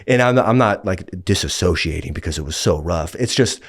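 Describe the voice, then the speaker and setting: A man in his thirties, a pastor, talking in a relaxed, casual way with lots of "like" and "dude". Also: deep voice, brisk, husky. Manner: laid-back, heavy on "like" and "dude". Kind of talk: casual podcast conversation.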